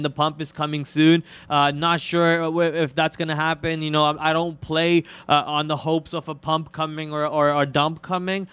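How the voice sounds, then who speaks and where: A man's voice: fairly high pitch, a bit bright, smooth, no echo. A man co-hosting a live stock trading show, talking in a rambling way with many fillers and restarts and joking about his own trades. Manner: self-mocking jokes about his trades. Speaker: co-host trader. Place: studio.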